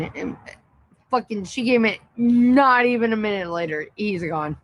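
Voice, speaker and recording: A woman's voice: mid-range voice, lively intonation, normal speed, rough recording. A woman hosting a casual livestream, swearing freely and laughing helplessly between lines. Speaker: livestream host. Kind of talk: casual live-stream chat.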